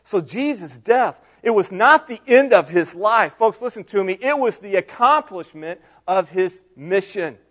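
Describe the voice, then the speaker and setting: A middle-aged male pastor preaching a sermon, moving between soft asides and raised, emphatic lines. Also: sits high, lively intonation, measured pace, few pauses.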